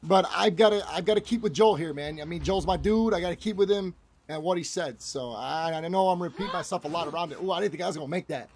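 A man's voice: sits high, fast, a little mellow, slight background noise. A man giving casual let's-play commentary as a gaming channel host, rambling, repeating himself and swearing freely.

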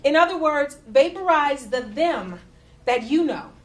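A woman reading an essay aloud to a live audience, earnest and warmly amused. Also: high-pitched, expressive, unhurried, a little hiss or hum. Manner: earnest, breaks into laughter. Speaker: guest reader at a live book reading. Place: stage before a live audience.

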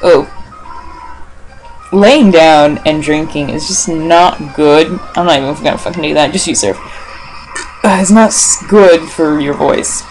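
A woman's voice: low-pitched, unhurried, long pauses, darkish tone, soft background music, low-quality recording. A woman giving casual commentary as she plays a video game, rambling and swearing, talking to herself and the game characters with self-mocking asides. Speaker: let's play gamer.

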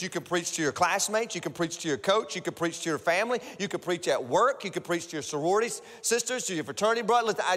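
A male pastor preaching a sermon, energetic and repetitive, building up to shouts. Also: high-pitched. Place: large church auditorium. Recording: echoey large hall.

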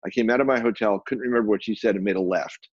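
Fast-talking older man with a husky voice. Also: on the low side, dry recording, dull audio. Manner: brisk, animated anecdote telling with quick restarts. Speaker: guest, photographer and publisher. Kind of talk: storytelling in a conversation.

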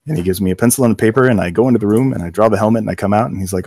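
A middle-aged man in casual chat, telling a story about his job with quick quoted voices. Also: lowish voice, gravelly, husky, no room sound. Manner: animated anecdote with acted quotes. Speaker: game company co-worker telling his hiring story.

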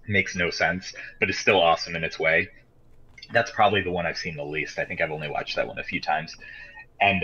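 Casting: low-voiced man from Michigan, bright forceful tone, rambling swearing podcast storyteller. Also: slightly rough. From Michigan, USA. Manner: rambling storyteller with many fillers, swears freely. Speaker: podcast co-host. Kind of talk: casual chat. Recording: dull lo-fi podcast audio.

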